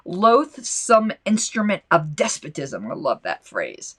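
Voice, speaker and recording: A woman hosting her own podcast, speaking with a slight lisp. Her voice sits a bit low but swings widely in pitch. She rambles with fillers and turns fiery and indignant as she comments on what she reads. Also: huge pitch swings, takes it slowly, few pauses. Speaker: podcast host. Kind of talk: solo podcast commentary, reading aloud.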